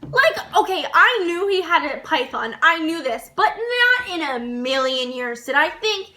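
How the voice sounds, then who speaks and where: A young woman vlogger telling a story to camera in a casual, animated way, swearing and laughing as she goes. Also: very high voice, unhurried.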